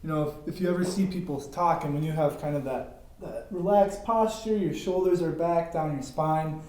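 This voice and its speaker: A man's voice: fairly high pitch, moderate pace, darkish tone. A man hosting a podcast interview, affirming his guest with frequent thanks and murmurs of agreement. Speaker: podcast host. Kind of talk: casual interview talk. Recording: very echoey room.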